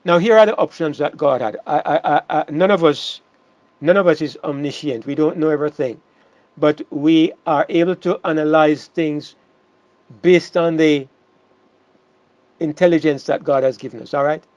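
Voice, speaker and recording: High-voiced emphatic male preacher, dull sound. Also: normal speed, darkish tone, no room sound. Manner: emphatic, repeats words and restarts phrases. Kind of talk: sermon.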